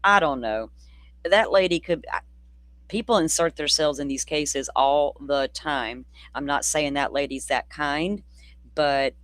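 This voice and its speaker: A true crime host from the Deep South, talking in a loose, rambling livestream chat that is blunt, profane and sardonic. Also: a bit bright, no echo. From Florida, near the Alabama state line. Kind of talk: casual livestream commentary.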